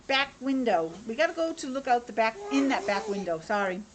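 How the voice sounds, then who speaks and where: A woman teacher reading a picture book aloud to young children, animated, stopping for asides to the class. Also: on the high side, brisk, background noise.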